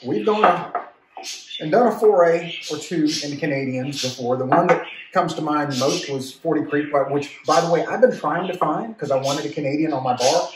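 Casting: man, slightly high voice, casual tasting-show co-host, distant mic in a roomy space. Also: moderate pace. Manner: reads bottle labels aloud, chatty. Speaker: podcast co-host reviewing whiskey. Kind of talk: casual chat. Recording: echoey room, mic at a distance, faint noise.

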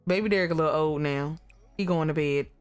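A woman's voice: low-pitched, fast talker, clear, resonant tone, faint music behind. A woman casually commenting on her life-simulation game, talking to the characters and exclaiming at what they do. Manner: animated, exclaiming, talks to the characters. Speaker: gaming YouTuber.

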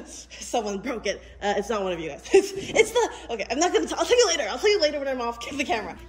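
A woman in her twenties giving a chatty, playful tour of her art studio, with giggly asides, recorded on a phone indoors. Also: fairly high pitch. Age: 20s. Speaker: vlogger and illustrator. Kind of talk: casual studio tour vlog. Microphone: phone camera mic.

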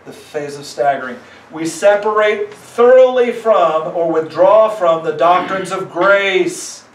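A man's voice: sits high, recorded from a distance. Male pastor preaching in an echoey church. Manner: conversational preaching, acts out quoted voices. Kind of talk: sermon. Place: church sanctuary.

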